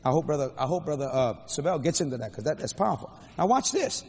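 Animated older preacher, gravelly, echoey hall. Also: male voice, fast. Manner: animated, dramatic pitch swings, playful asides. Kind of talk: storytelling sermon. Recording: echoey hall, faint crowd ambience.

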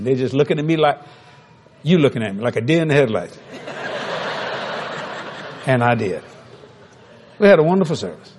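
A preacher telling a story in a sermon, animated and humorous, acting out the dialogue. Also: male voice, mid-range voice, slightly rough.

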